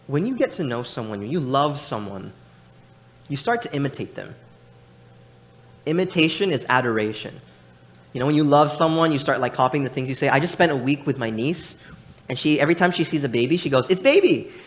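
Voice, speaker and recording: A young man preaching a sermon in a church, animated and rambling, with many restarts and casual fillers. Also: medium pitch, a little fast.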